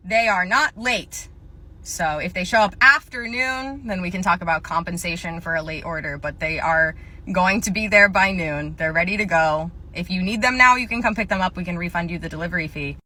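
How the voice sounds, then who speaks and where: A young woman telling comedic storytime skits about retail work, deadpan and sarcastic. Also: lowish voice, normal speed. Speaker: comedy creator, former store cashier.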